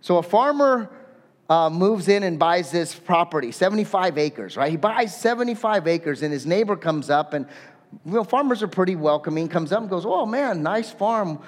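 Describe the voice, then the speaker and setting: Casual Southern California man preaching in a church; high-pitched, reverberant hall. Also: animated, moderate pace. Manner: conversational, self-deprecating. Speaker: pastor. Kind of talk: sermon. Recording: echoey hall.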